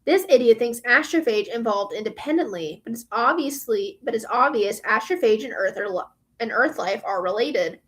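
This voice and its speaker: A woman's voice: a little high, lively intonation, normal speed, fairly bright tone. A woman reading as a snappy male scientist. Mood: combative. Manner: defensive, snappy. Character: blunt combative male scientist.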